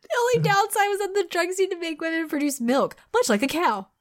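A woman's voice: very high voice, a little fast. A woman co-hosting a comedy podcast, reading a raunchy book aloud with giggles and mock disgust. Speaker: podcast co-host.

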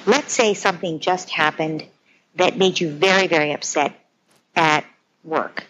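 A woman's voice: deep voice, unhurried, fairly bright tone, slight background noise, rough recording. A woman speaking as a parenting expert, earnestly explaining her ideas through everyday scenarios. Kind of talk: conversational explanation.

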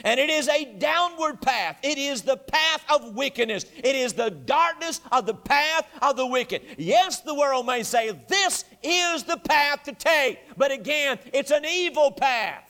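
High-pitched male preacher, storytelling sermon, emphatic repetition. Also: expressive, a little slow, few pauses, pushed and bright. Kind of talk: evening church sermon.

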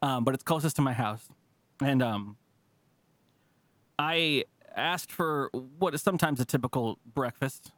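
A man hosting a podcast, telling profane, animated stories in casual chat and acting out what people said. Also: mid-range voice, measured pace, long pauses, dry recording. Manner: profane, animated, acts out quotes. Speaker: podcast host.

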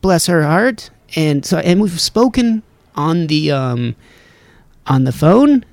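A man's voice: on the high side, very animated, slow, vocal fry, darkish tone, no echo. A man hosting a solo podcast from his home studio, rambling casually and breaking off his own sentences. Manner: casual, rambling, self-interrupting. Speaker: podcast host.

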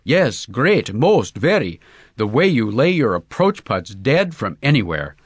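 A man voicing an excitable Russian novelist in broken English with a put-on Russian accent, effusive and exclamatory. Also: medium pitch, a little slow, slightly rough, dry recording.

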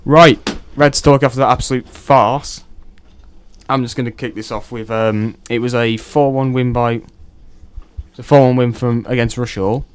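A young man hosting a student radio show, telling stories in an excitable, rambling way. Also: mid-range voice, moderate pace, clear, resonant tone. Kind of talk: casual chat.

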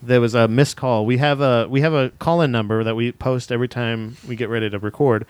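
Man, comedy podcast host, rambling stories, dry close sound, medium pitch. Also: fairly even intonation, a little fast, darkish tone, smooth, dry recording. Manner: rambling storytelling, lots of swearing; jumps high in pitch when quoting people. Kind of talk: casual comedy podcast banter.

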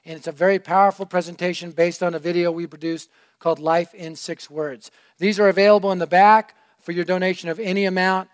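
A middle-aged male preacher telling a story in a sermon, energetic and animated, swinging from loud to hushed. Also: high-pitched, a little fast. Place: church room.

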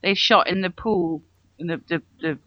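A man co-hosting a casual movie podcast from bed, laughing often and joking, saying he is high. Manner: laughing, joking, quick asides. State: says he is high. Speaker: podcast co-host. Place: in bed at home. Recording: dull lo-fi remote audio.

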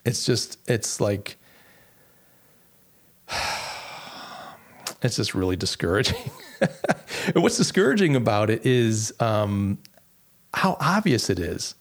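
A podcast host running a political talk show reads article quotes aloud sarcastically, with plenty of restarts. His fairly low voice is very animated but slow, and he pauses often.

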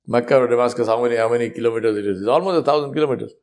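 Man, preacher, storytelling sermon, conversational, questions to the audience, mid pitch. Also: very fast, darkish tone.

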